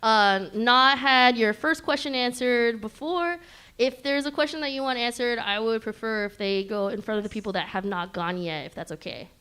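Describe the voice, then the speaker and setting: A woman's voice: fairly high pitch, normal speed, pushed and bright, clear, resonant tone. A woman hosting a live convention panel, teasing and playful with the audience, laughing often. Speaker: panel host.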